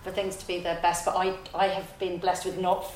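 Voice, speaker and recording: A woman, a theatre director telling her story in a relaxed, reflective interview. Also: lowish voice, a little fast. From south London, England. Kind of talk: casual interview conversation. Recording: roomy echo.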